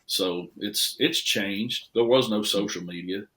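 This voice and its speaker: A man's voice: fairly low pitch, a little slow, a bit bright. A middle-aged man from Tennessee, a podcast guest who rambles and repeats words as he tells stories in casual chat. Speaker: guest, restoration shop owner.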